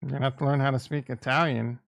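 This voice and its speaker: Gravelly, blunt man rambling on a livestream. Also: medium pitch, steady tone, quick pace, dry recording. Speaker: livestream host. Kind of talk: casual livestream chat.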